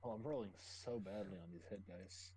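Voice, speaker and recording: Tabletop player, adult man, lowish voice, relaxed chatty talk with repeated starts. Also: moderate pace, slight background noise, low-quality recording. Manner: chatty, repeats words when starting sentences. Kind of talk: casual game chat.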